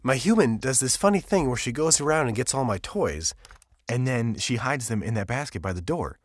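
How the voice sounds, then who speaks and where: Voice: medium pitch, expressive, moderate pace, natural voice. A voice actor playing a young pet dog that teases its owner in an ad. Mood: amused teasing. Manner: chatty, amused, teasing. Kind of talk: ad voice-over.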